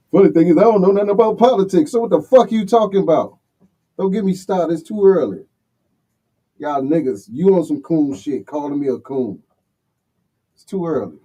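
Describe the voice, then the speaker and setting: High, bright-voiced man ranting casually. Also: lively intonation, normal speed, pauses often, breathy edge, low-quality recording. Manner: heated, blunt, swearing. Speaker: livestream host. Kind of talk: profane casual rant reading comments.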